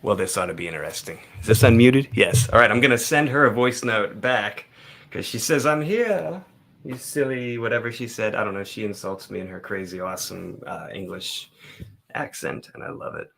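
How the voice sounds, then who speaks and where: Male live stream host, low voice with a gravelly edge, rambling and playful, dramatic scripture reader. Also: fairly bright tone. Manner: chatty, reads verses slowly and dramatically. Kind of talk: casual live stream talk with scripture reading.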